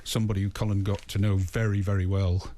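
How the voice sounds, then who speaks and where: Radio host, deep voice, measured, nudges the guest along. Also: male voice, flat delivery, mellow. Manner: measured, prompting with short murmurs. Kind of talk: radio talk show.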